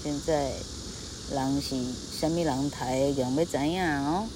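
A woman's voice: low voice, fairly even intonation, a little slow, background noise. A woman reading a myth aloud as a storyteller, reading a passage and then retelling it freely. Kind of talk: bilingual read-aloud storytelling.

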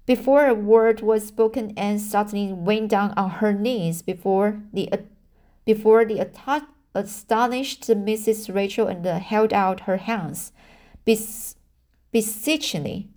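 An amateur audiobook reader, a woman with a medium-pitched, darkish voice, reads a novel aloud at a measured pace. She often stumbles over words and restarts lines.

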